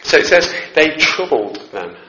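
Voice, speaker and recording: With a fairly high, sharp, sing-song voice at a measured pace, a man delivers a church-hall sermon. He talks conversationally, pokes fun at himself and makes asides to the room. The recording is roomy and slightly dull, with slight background noise.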